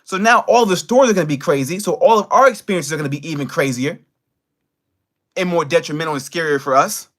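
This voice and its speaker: Brief: a high-voiced American man on a livestream, furious and profane, talking straight to his chat. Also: quick pace. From United States. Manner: heated and profane, with big swings in pitch and loudness. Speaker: livestream host. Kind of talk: angry livestream rant.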